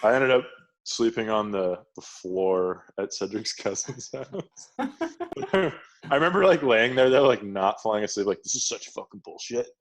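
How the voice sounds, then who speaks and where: A man's voice: lowish voice, expressive, measured pace. A young man co-hosting a podcast, telling a rambling, profane story in casual chat and laughing often as he goes. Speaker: podcast co-host.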